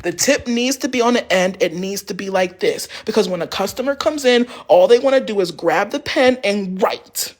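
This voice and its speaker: A fussy, passive-aggressive hotel manager lectures in a loud, sweetly condescending voice, sighing between scolds, as a man mimics her while telling a story. Her nagging sounds kindly on the surface but exasperated underneath. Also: medium pitch, normal speed, few pauses, lightly acted. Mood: scolding.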